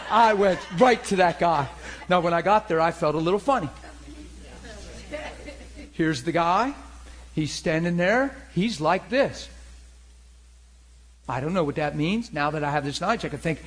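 Guy preaching, tells stories, does the voices, gets loud n laughs, a bit high-pitched. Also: unhurried, long pauses, rough recording. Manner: animated, laughing, acts out voices in his story. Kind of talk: storytelling sermon. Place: church meeting before a crowd.

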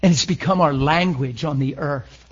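A man preaching a sermon, emotional, swinging between loud and hushed. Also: fairly high pitch, normal speed, husky, dull audio.

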